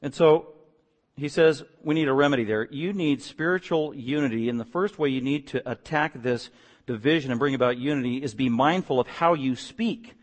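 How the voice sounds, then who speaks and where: A man's voice: medium pitch, moderate pace. Preaching man in an echoing hall. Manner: preaching, rises to emphatic shouting on key words. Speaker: pastor. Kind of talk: sermon. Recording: long reverb from a large hall.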